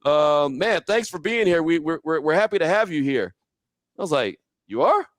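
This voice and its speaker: A man's voice: a little high, expressive, moderate pace, no echo. A man in an interview, casually telling a story and acting out his own quotes with animation. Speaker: podcast guest, sports radio host.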